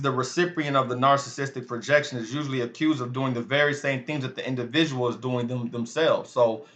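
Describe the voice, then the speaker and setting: A man's voice: mid-range voice, a bit bright. A man giving a casual sermon-style Bible lesson, talking to his viewers as family. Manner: conversational, addresses viewers as family. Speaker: online Bible teacher.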